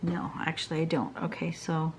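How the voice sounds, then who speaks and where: A woman's voice: low-pitched, monotone, moderate pace, darkish tone, a little hiss or hum. A woman giving a casual drawing tutorial, chatty and thinking aloud as she draws, sounding tired. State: tired, yawning. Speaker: drawing instructor. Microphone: camera over a drawing desk.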